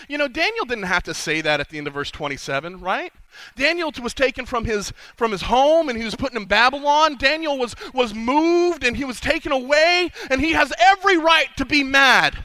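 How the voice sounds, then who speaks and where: A man's voice: very high-pitched, expressive, brisk, sharp tone, no room sound. A man giving a humorous sermon at a conference, telling stories with animation and acting out the voices he quotes. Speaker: conference speaker. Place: conference session.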